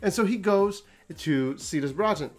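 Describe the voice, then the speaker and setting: A man's voice: sits high, animated, moderate pace, faint music behind. A man hosting a casual story recap, talking animatedly, laughing often and acting out quotes. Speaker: host.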